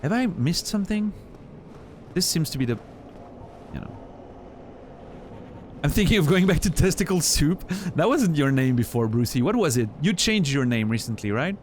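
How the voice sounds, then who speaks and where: A man's voice: on the high side, very animated, normal speed, long pauses, slight background noise. A man streaming a game, chatting casually in a rambling way with many restarts while he plays. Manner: rambling, chatty storyteller with frequent laughs and restarts.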